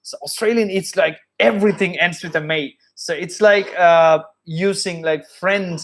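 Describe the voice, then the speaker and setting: A man's voice: high voice, measured pace, fairly bright tone. A man with a British-influenced English accent, hosting a casual live stream as an English tutor and speaking earnestly, often repeating and restating his points. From born in Saudi Arabia, studied in India.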